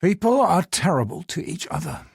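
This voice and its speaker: A man's voice: sits high, very animated, a little slow, slightly rough, no room sound, clean studio sound, voice pushed up, exaggerated voice. A man voicing an older British colonial governor, clipped and upper-class, drifting into wistful brooding. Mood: melancholy.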